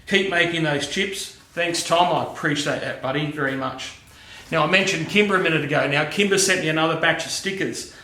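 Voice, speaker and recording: A man's voice: a little high, fairly quick, bright, forceful tone, echoey room. A middle-aged Australian man chatting casually to camera in his home workshop, friendly and matey, calling people "mate". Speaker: machining YouTuber.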